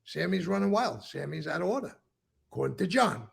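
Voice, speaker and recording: A man as an interview guest, recounting and explaining events with emphatic, animated storytelling. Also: a little high, a little fast, creaky, husky.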